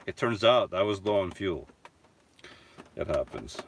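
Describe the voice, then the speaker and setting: A man's voice: deep voice, expressive, a little slow, fairly bright tone, a little hiss or hum. Rambling man chatting from his van. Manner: rambling, self-correcting, chuckling asides. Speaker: vlogger reading live chat. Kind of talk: casual live stream chat. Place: inside a van.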